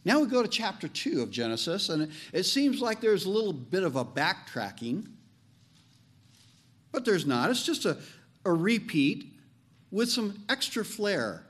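A man preaching a sermon as pastor, animated and joking, leaning on slow emphatic phrases. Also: high-pitched.

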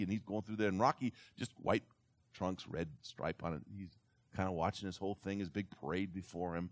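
A man telling a story to an audience in an animated way, slipping into character voices. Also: sits low, brisk, no echo.

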